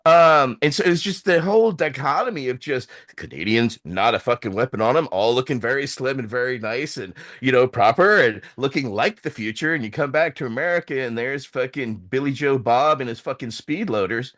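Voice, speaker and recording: A man spins a long anecdote in loose podcast chat, cursing freely and slipping into the voices of the people in his story. His pitch leaps high and drops low as he acts things out. The sound is dry and close, with no room around him. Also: brisk, hardly any pauses, no room sound. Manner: animated, profane, acts out quoted voices.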